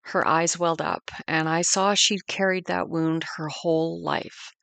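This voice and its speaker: A woman's voice: low-pitched, fairly even intonation, a little slow, gravelly, a bit bright, no echo. A woman in her fifties narrating a family war history in an earnest, reflective way. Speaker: podcast narrator.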